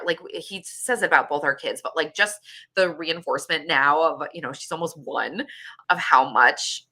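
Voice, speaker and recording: Low, bright-toned woman host; candid, emotional, swears freely. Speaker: podcast host. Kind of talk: personal storytelling monologue.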